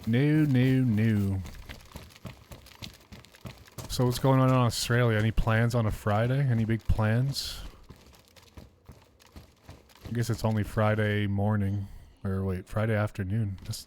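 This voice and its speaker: Laid-back low-voiced man chatting on stream. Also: unhurried, pauses often, a little hiss or hum. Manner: relaxed, chatty, greets viewers in chat. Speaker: game streamer. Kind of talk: casual live-stream chat.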